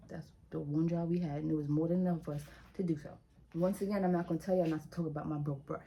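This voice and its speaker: A young woman vlogger telling a story in a casual, animated, chatty way, speaking straight to her viewers. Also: on the low side, racing, a little hiss or hum, poor audio.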